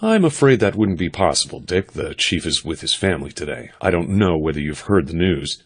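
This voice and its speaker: A man voicing a suspicious, smooth male political advisor with a hearty, hail-fellow-well-met tone in an audiobook. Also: sits low, very animated, brisk, heavily acted. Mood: guarded.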